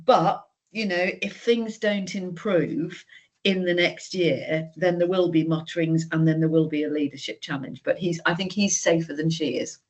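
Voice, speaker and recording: A man on a political podcast panel, giving brisk and decisive predictions. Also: high voice. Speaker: political commentator. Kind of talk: casual political chat.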